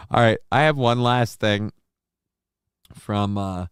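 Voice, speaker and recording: A man hosting a live talk show, rambling and joking, with loud bits and quiet asides. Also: on the low side, slow, long pauses, clear, resonant tone, no room sound, studio quality. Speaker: show host. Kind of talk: casual live-show chat.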